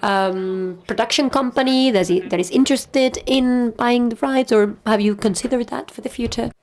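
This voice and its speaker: A woman moderating a live panel, asking the guests questions at a measured pace. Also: fairly high pitch, a little mellow. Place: live event venue.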